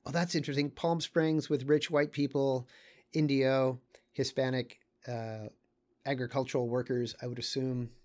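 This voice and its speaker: A man, teaching casually and thinking aloud as he comments on maps, pausing often with fillers and small asides. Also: medium pitch, level tone, a little mellow.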